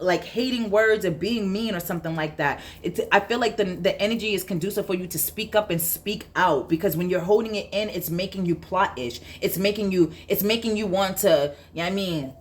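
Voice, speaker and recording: Woman, tarot reader, casual reading, lowish voice, repeats herself, blunt.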